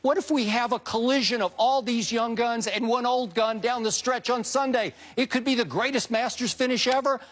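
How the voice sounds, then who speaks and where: A middle-aged man on a sports debate show, laying out his picks with emphatic, building excitement. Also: very high voice, normal speed, few pauses.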